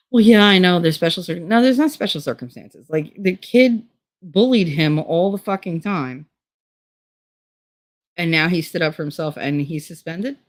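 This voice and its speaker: Lady, middle aged, lowish voice, swears a lot, just chattin on her stream. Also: a little mellow, no echo. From Hoboken, New Jersey. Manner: blunt, profane storytelling. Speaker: channel host. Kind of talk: casual livestream chat.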